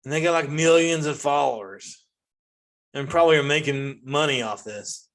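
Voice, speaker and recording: Ranting forty-something comic. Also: male voice, normal speed. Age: 40s. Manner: ranting, animated, jumps to high-pitched outbursts. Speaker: comedy podcast host. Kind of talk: casual comedic monologue.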